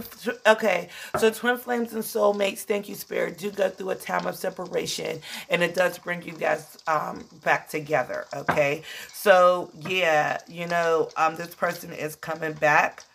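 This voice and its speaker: A woman's voice: lowish voice, steady tone, normal speed, creaky, fairly bright tone, a little hiss or hum. Emotional chatty woman tarot reader. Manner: chatty, emotional, calls listeners "child". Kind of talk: casual tarot reading.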